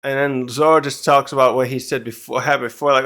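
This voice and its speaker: A man's voice: mid-range voice, fairly even intonation, a little fast, few pauses, a bit bright. A man giving a casual manga chapter review who rambles, gets sidetracked and swears casually.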